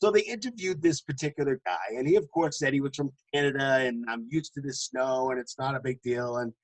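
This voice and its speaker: A man's voice: a little fast, poor audio. A man co-hosting a casual sports podcast, telling stories with frequent laughs and restarts. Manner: laughs often, storytelling with restarts; jokingly puts on a booming announcer voice. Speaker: co-host.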